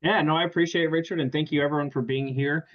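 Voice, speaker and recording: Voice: medium pitch, steady tone, fast. Introducer: casual, over dull call audio. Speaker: introducer of the guest. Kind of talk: introducing a speaker on a video call. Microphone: video call.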